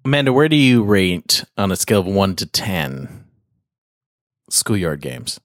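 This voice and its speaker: Brief: playful male game host, animated pitch, dry close sound. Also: unhurried, dry recording. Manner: playful, teasing, laughs easily. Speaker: podcast host running a word game. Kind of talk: casual chat.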